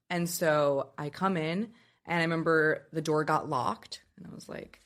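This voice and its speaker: A woman telling a personal story in a halting, emotional way, with lots of fillers and restarts. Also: low-pitched. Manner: breathless, halting retelling with many "like" fillers. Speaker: interviewee recounting a childhood experience.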